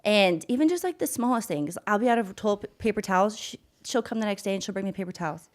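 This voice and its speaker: A woman's voice: medium pitch, lively intonation, fast talker. A young woman co-hosting a casual podcast, talking in a heartfelt way that turns emotional. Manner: warm, heartfelt, gets emotional about her mom. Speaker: podcast co-host.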